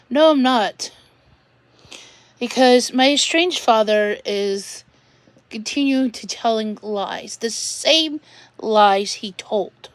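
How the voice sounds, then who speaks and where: A woman talking to her viewers in an emotional rant, upset and close to tears, halting and restarting her sentences. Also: a little high, no room sound. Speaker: vlogger.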